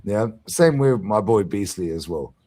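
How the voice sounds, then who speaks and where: Husky, lively man. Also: on the low side, a little slow. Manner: swearing, slangy, lively storytelling. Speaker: host of a fan talk stream. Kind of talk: casual chat.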